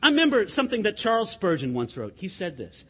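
A man preaching a sermon as pastor, conversational and animated, with asides to the congregation. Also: sits high, quick pace, slightly rough, big-room sound.

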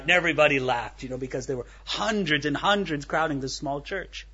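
Bright, high-voiced man preaching. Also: brisk, slightly rough, lo-fi sound. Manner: storytelling with rhetorical questions. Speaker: pastor. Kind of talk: expository sermon.

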